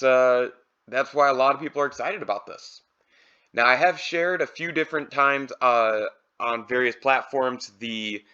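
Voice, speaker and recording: A man's voice: medium pitch, sharp tone, muffled recording. A man casually reviewing trading card products, thinking aloud with fillers.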